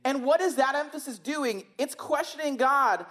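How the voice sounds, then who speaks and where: A woman's voice: sits high, normal speed, fairly bright tone. Conversational woman preaching a sermon. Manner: conversational, emphatic, rhetorical questions.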